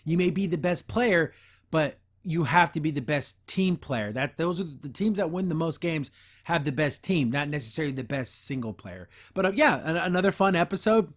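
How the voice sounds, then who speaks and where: A man's voice: a little high, lively intonation, moderate pace. A man hosting a podcast, giving a casual, rambling episode review full of enthusiasm and frequent laughs. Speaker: podcast host.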